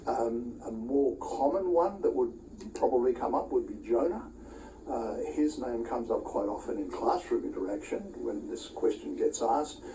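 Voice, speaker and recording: A man's voice: mid-range voice, expressive, moderate pace, dark tone, slight background noise. A man giving a recorded Bible college lecture to camera, conversational, with dry asides and frequent filler words. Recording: distant mic, roomy echo, faint ambience.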